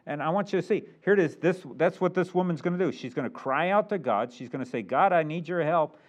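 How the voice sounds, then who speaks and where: A man preaching a sermon, reading King James verses aloud and growing louder on key points. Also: fairly high pitch, fast talker, highs cut off.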